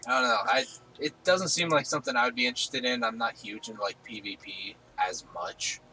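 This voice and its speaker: A man's voice: mid-range voice, a little fast, sharp tone, slight background noise, poor audio. A man hosting a casual gaming stream from home on a headset, rambling easily with lots of fillers. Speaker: streamer host.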